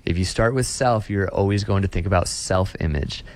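In this interview, a man who writes Christian books talks about faith with earnest emphasis and paraphrased scripture. He speaks at normal speed in a low, slightly mellow voice.

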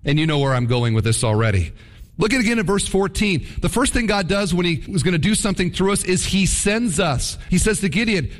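High-voiced preacher in an echoing hall. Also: male voice, fairly quick. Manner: animated, conversational storytelling. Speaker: pastor. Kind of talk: sermon.

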